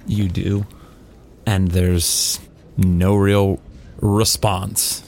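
A man narrating as game master of a tabletop game, relaxed and joking. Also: low-pitched, drawn-out words, a little hiss or hum.

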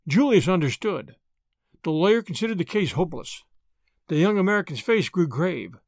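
A man narrating an audiobook in an expressive storytelling way. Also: a little high, dry recording, studio quality.

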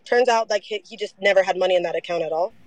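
A young woman telling her story in a casual interview, animated, saying "like" a lot and swearing freely. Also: medium pitch, rapid-fire, no echo, poor audio.

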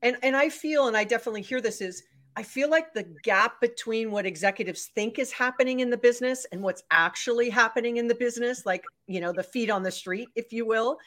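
A woman hosting a conversational interview, asking long, rambling questions with fillers and quick laughs. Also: on the high side, fairly bright tone. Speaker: interview host.

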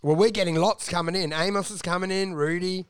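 A man, a comedian, tells stories in a high voice, swearing often and slipping into mimicry of others. The sound is dry and close to the mic, with no room around it. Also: steady tone, fairly quick, clean tone, no echo. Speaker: comedian and podcast co-host. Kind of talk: casual storytelling chat.

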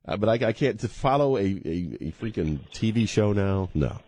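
A man's voice: lowish voice, lively intonation, normal speed, warm tone, no room sound. A male talk radio host bantering on air, ranting in mock outrage and joking. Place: radio studio. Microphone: studio microphone.

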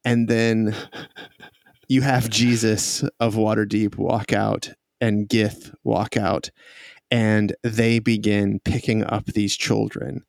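Man as game master, slow gravelly narration, rambling and laughing. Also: lowish voice, little pitch movement, no room sound. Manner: laughing, rambling storytelling with restarts.

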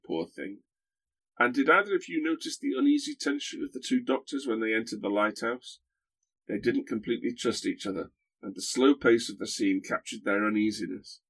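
A man on the low side, his voice a bit bright, is guest-hosting a podcast. It's a casual chat full of dry humour, hesitations, and fillers.

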